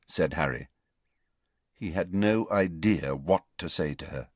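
A male audiobook narrator with a somewhat low voice, reading in an expressive, measured way. His delivery is slow and his pitch is very lively. The sound is close and dry, with no room echo. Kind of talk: scripted narration.

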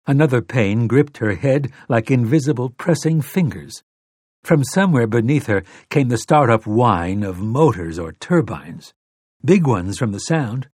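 A man narrating an audiobook with steady, dramatic storytelling. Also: medium pitch, unhurried, husky, dry recording, clean studio sound. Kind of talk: scripted narration.

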